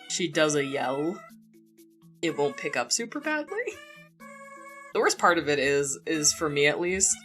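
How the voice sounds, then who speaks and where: A young woman streams from a room at home, chatting casually into a borrowed desk mic, rambling and laughing often. Her voice sits low with a fairly bright tone, and faint music plays in the background.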